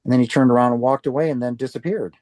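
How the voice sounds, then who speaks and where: An older man from Wisconsin speaks as an interview guest, recounting his own story in an earnest, heartfelt way. His voice is warm and mellow, and it comes across close and dry with little room sound. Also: medium pitch, fairly even intonation, racing, no room sound. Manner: earnest, heartfelt, acts out quoted speech.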